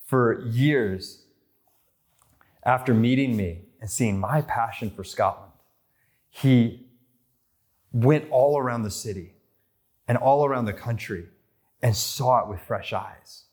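An American man in his thirties delivers a sermon in a mid-range voice. He tells stories as he goes and climbs in pitch when he quotes others or grows excited. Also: takes it slowly, pauses often. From United States. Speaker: pastor.

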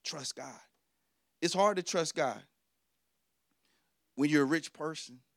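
A male preacher with a fairly high voice delivers a lively sermon, telling stories and repeating his key lines. He keeps questioning the congregation. The sound is close and dry, with no room echo. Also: takes it slowly.

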